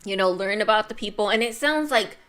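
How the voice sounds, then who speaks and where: A woman's voice: medium pitch, brisk, fairly bright tone, soft background music. A woman hosting a casual chat who rambles with many fillers, laughs often and mixes Spanish phrases into her English. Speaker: podcast host.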